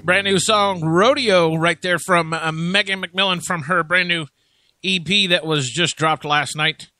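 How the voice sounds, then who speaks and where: A man's voice: high voice, steady tone, unhurried, pushed and bright, soft background music. A man hosting a casual radio chat show, rambling and joking with plenty of fillers.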